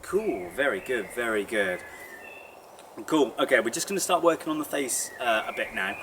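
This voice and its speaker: A young man leading a guided vocal warm-up, chatty and encouraging. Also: mid-range voice, animated, normal speed. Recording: distant mic with audible noise.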